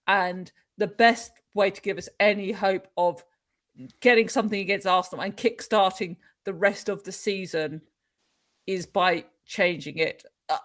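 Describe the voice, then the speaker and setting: A woman's voice: mid-range voice, fairly bright tone. A woman speaking as a guest on a casual football podcast, giving firm, emphatic opinions.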